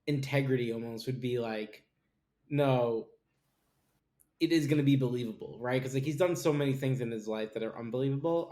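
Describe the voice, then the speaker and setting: Male co-host, agreeable and easygoing, roomy echo on the mic. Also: medium pitch. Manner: agreeable, lots of short backchannels. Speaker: podcast co-host. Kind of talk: casual panel chat.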